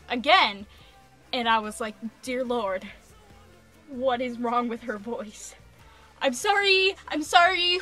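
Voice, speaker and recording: A young adult woman vlogging a casual rant, animated and exasperated, peppering her speech with "like.". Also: high-pitched.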